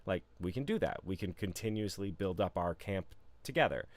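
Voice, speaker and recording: Male co-host, deep voice, easygoing stream banter with fillers. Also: animated, moderate pace. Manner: laid-back, rambling with many fillers and restarts. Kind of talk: casual live-stream chat.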